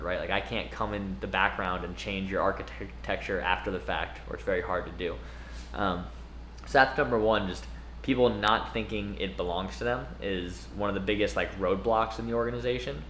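A man co-hosting a podcast, explaining in a relaxed conversational way with frequent asides. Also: on the low side. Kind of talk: casual podcast chat. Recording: roomy with faint background noise.

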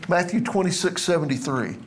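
A man's voice: sits high, animated, a little fast, a little hiss or hum. A man teaching a Bible class to a group in a classroom, chatty and self-deprecating.

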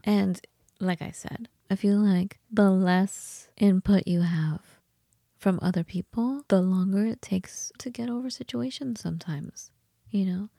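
A woman's voice: mid-range voice, a little slow, creaky, warm tone, dry recording, studio quality. A woman co-hosting a podcast in casual chat, talking in a chatty, frank way and thinking aloud. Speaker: podcast co-host.

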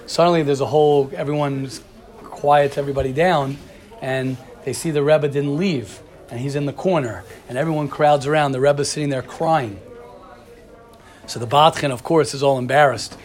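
A man teaching a religious study class in a casual, animated lecture, telling stories and calling on students by name. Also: a little high, moderate pace.

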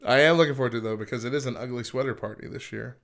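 A man's voice: medium pitch, very fast, vocal fry. A man co-hosting a casual podcast chat, laughing often and reading passages aloud. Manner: chatty, laughs often, reads quotes aloud. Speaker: podcast co-host.

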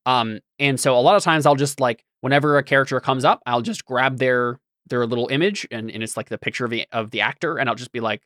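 A man hosting a tabletop gaming podcast, talking casually and rambling through lots of fillers and restarts. His voice sits in a middle pitch and the sound is dry and close. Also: a little fast, fairly bright tone, no echo. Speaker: podcast host and game master.

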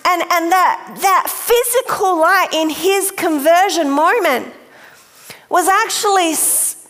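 A woman preaching a sermon, emphatic and deliberate, speaking directly to her listeners. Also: very high-pitched, fairly bright tone. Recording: long hall reverb.

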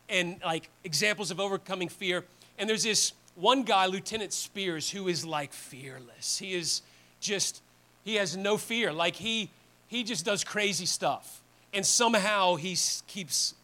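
Bright-voiced earnest male preacher. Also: high voice. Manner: conversational, earnest, with many restarts. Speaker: pastor. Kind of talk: sermon.

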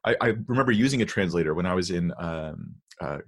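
A man in a conversational podcast discussion, speaking earnestly and emphatically about Bible translations and reading verses aloud slowly. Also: low voice, expressive, creaky.

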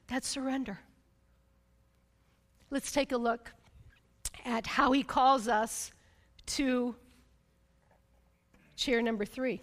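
A woman preacher telling a personal story in a sermon. She keeps asking "right?", and her voice swings from loud excitement to a hush. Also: sits high, slow pace, long pauses. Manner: personal storytelling, emphatic, frequent "right?" asides; swings between loud excitement and hushed intensity. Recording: long hall reverb.

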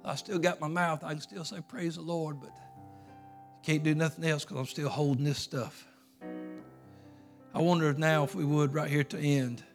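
Male pastor, folksy then fervent preaching, light music underneath. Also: a little high. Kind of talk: sermon.

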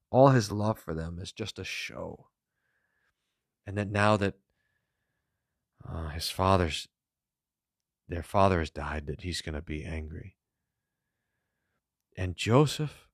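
A man's voice: sits low, takes it slowly, long pauses, dry recording, studio quality. A man, a pastor, teaching on the Bible in a storytelling way and reading verses aloud with rising emphasis.

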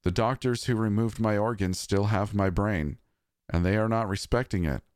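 A man voicing a dead wife who speaks through six strangers at once, calm and unsettling. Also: fairly low pitch, moderate pace, no echo, clean studio sound, natural voice. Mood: calm, insistent. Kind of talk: storytelling narration.

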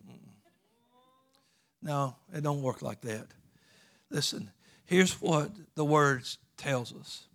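Folksy preacher, higher voice. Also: male voice, expressive, slow pace, pauses often, fairly bright tone. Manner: folksy, emphatic preaching with rural Southern grammar. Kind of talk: sermon.

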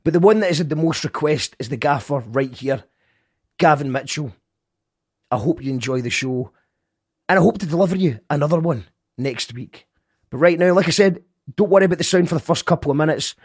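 A man with a slightly raised, husky voice talks straight to his podcast listeners. He stumbles and restarts often but stays earnest. The sound is dry and close. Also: a little high, lively intonation, fast talker, dry recording. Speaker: podcast host. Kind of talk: casual chat to listeners.

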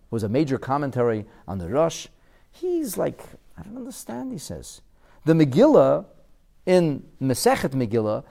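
A man in his forties teaching a Torah lesson, puzzling aloud and asking rhetorical questions as he explains the sources. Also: on the high side. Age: 40s. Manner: animated, quizzical, asks rhetorical questions.

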